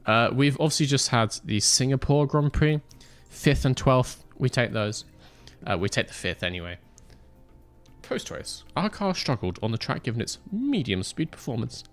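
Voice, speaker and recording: Animated joking male game streamer. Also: mid-range voice, moderate pace, soft background music. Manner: animated, joking banter, mock outrage. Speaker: streamer playing a racing management game. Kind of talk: casual live-stream chat.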